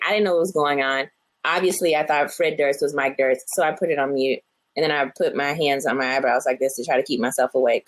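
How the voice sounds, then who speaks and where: A woman co-hosting a casual podcast chat, telling stories and acting out her own thoughts in quotes. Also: low voice. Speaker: podcast co-host.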